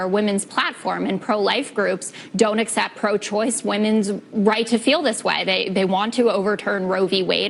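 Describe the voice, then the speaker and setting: A woman's voice: medium pitch, vocal fry, slight background noise. Firm woman arguing a point on air. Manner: firm, argumentative, insistent. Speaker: political commentator guest. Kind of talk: televised debate.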